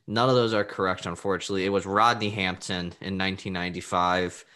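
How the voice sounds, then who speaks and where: A man chatting on a sports podcast over a video call, upbeat and teasing. His voice sits low but sounds bright and forceful. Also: flat delivery, fast talker. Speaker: podcast co-host. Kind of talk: casual sports chat.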